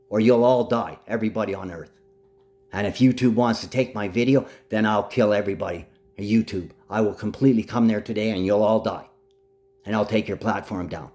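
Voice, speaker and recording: A man's voice: lowish voice, a little mellow. A man talking to camera in a rambling, agitated monologue, addressing absent people directly.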